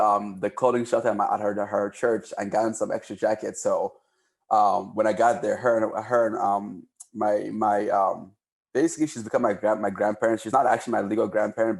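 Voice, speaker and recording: A man from Cameroon, a podcast guest telling casual stories in an animated way, often repeating words. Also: on the low side, brisk, gravelly. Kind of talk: casual storytelling.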